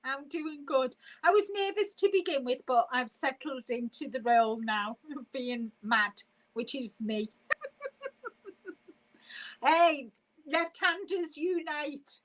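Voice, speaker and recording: A woman hosting a casual live stream, chatty and quick to laugh as she reads viewer comments aloud. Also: sits high, a bit bright, poor audio.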